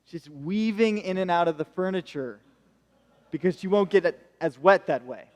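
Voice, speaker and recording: Male American pastor, lightly comic sermon storyteller, high voice, long hall echo. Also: moderate pace, a little mellow. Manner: storytelling, jokey asides. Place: church hall.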